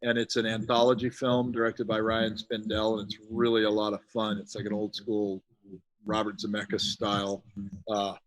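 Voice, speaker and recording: A man's voice: lowish voice, completely flat delivery, moderate pace, low-quality recording. Middle-aged man, podcast guest, loose jokey rambler who curses freely. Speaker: guest, special effects artist. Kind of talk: casual podcast interview.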